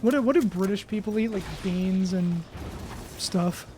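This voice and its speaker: A man's voice: high voice, unhurried. Tired streamer guy rambling and joking, heavy noise over him. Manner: joking, scattered, laughs often. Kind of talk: casual gaming chat.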